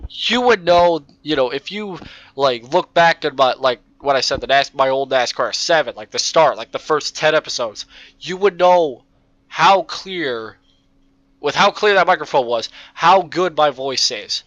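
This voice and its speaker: A young man with a nasal voice and a bright edge to it talks through a racing game on a cheap microphone. He rambles in loose, excitable bursts and breaks off to curse at what happens on track. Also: on the high side, unhurried, dry recording, highs cut off. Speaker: gaming YouTuber. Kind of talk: casual gameplay commentary.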